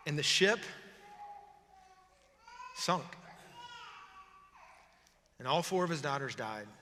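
A man preaching a sermon as pastor, often hushed and close to tears, at times lively and joking. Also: a little high, slow pace, in a large hall, a little hiss or hum. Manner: emotional, voice breaking into tears at times; shifts between hushed intensity and lively joking.

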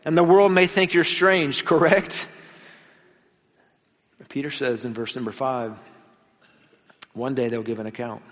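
A male pastor preaching a sermon, swinging between loud emphatic lines and hushed, intense ones. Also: medium pitch, fairly even intonation, unhurried, pauses often, in a large hall.

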